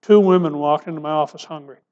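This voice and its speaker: A male pastor preaching a sermon, asking rhetorical questions and dropping his voice soft for emphasis. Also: on the high side, quick pace, muffled recording.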